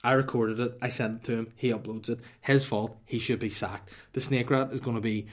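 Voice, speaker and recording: A Northern Irish man hosts his podcast in a loose, casual chat. He rambles through listener questions with crude jokes and mock bragging, his voice sitting at an ordinary middle pitch. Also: fairly even intonation, brisk. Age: adult, married. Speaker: podcast host.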